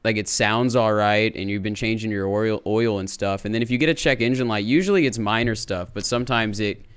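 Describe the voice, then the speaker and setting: A man in a casual podcast chat, calmly explaining practical advice. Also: lowish voice, fairly quick, smooth.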